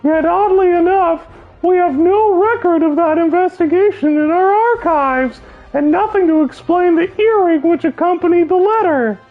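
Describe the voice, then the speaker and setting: A man pitches his voice up high into an excited young woman scholar. She speaks crisply and formally, keen to get to the bottom of things. The sound is a little muffled, with game music under it. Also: normal speed. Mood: eager. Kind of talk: voicing game cutscenes on stream.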